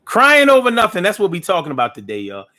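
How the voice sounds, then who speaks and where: A man's voice: high-pitched, wildly swooping pitch, fast, sharp tone. Rambling laid-back man on a live stream. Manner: loose and rambling, slips into freestyle rhyming. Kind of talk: casual live chat reading viewer comments.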